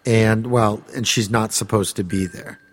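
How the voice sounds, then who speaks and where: A man's voice: lowish voice, fairly even intonation, unhurried. A man chatting casually on a podcast, telling a rambling, profane story with lots of restarts. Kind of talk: casual chat.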